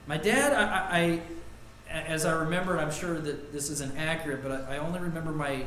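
A man preaching a sermon as pastor, earnest, rising to loud emphasis and dropping to quiet reflection. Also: on the high side. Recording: echoey room with faint ambient noise.

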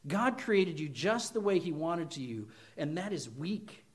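A man preaching a sermon, animated and emphatic, acting out quoted voices. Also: fairly high pitch, unhurried. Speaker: pastor.

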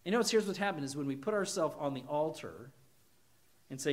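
A man delivering a sermon in a high-pitched voice. He preaches with animated energy, leaning hard into emphatic lines and playing out quoted voices as he goes. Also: a little fast. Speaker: pastor.

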